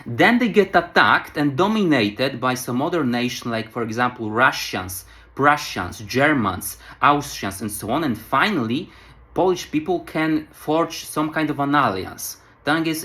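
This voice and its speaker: A man's voice: mid-range voice, animated, normal speed, pushed and bright. Man casually talking through a classic novel. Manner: loose and conversational, leans on filler words and restarts his phrases. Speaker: vlogger reviewing a classic novel. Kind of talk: casual spoken book analysis.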